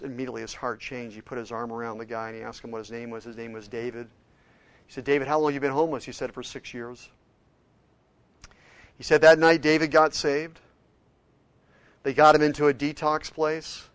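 A man preaching a sermon, retelling stories of changed lives with quoted dialogue and shifts between hushed and emphatic moments. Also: medium pitch, level tone, a little fast. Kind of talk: sermon storytelling.

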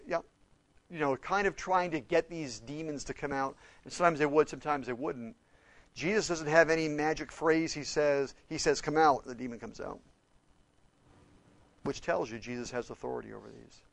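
Pitched on the high side with vocal fry, a preacher from Oklahoma gives conversational Bible teaching at a moderate pace, with no room sound on the recording. He's a pastor or Bible teacher who is animated and emphatic, often questioning his audience and raising his voice on key points, with casual fillers and restarts.

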